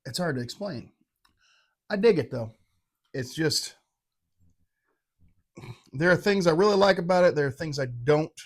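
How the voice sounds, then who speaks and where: A man's voice: on the high side, lively intonation, measured pace, long pauses. A middle-aged man giving a casual, rambling and irreverent whiskey tasting review, poking fun at himself. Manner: rambling, irreverent, self-mocking.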